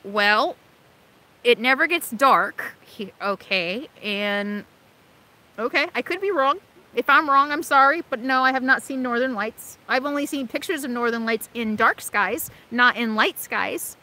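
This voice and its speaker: A woman's voice: on the high side, a little slow, pushed and bright, rough recording. A woman hosting a casual live stream, reading viewer comments and chatting in a rambling, emotional way full of fillers and restarts. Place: RV camp in Alaska.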